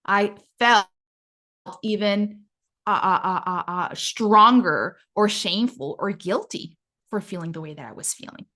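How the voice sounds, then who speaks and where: Slow-talking Mexican-accented woman. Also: medium pitch, lively intonation, sharp tone. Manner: earnest, reflective, often adds "right?". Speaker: relationship coach. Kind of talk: explanatory interview talk.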